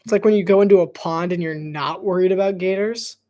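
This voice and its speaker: A woman's voice: on the low side, brisk, mellow. A young woman from Florida chatting casually on a live sports stream, laughing often and acting out quoted voices. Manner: giggly, chatty, leans on "like", acts out quoted voices. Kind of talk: casual chat over a live game.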